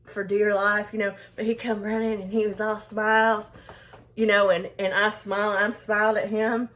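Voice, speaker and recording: A woman's voice: mid-range voice, little pitch movement, moderate pace, a bit bright. A woman vlogger telling a casual story to her viewers, rambling along with many restarts and fillers as she talks to the camera. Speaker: skincare and self-care vlogger.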